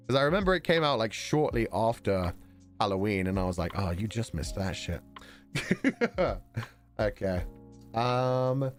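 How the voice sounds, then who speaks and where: Chatty man with a Belfast accent. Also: fairly low pitch. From Northern Ireland. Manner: rambling, chatty, laughs often. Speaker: streamer. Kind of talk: casual chat.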